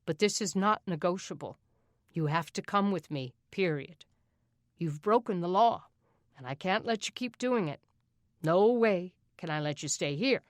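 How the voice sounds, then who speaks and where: A middle-aged male sheriff speaks firmly and levelly with calm authority, as a woman narrating an audiobook plays him. The voice is fairly low and dry. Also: moderate pace, no room sound, lightly acted.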